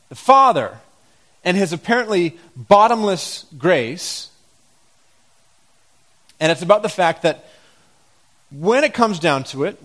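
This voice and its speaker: A man's voice: fairly high pitch, a bit bright. A man preaching a sermon, reading scripture aloud and asking the congregation reflective questions.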